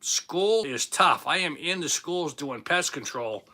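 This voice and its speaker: With a voice on the high side, lively in intonation, bright and forceful, a Boston-accented man in his fifties speaks at a measured pace. He hosts a casual livestream from Boston, Massachusetts, joking, chatting and teasing himself as he reads viewer comments.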